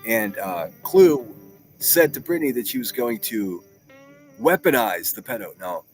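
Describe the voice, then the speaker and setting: A man's voice: mid-range voice, sing-song, unhurried, soft background music. A man hosting a solo livestream, giving blunt, profane and mocking reaction commentary.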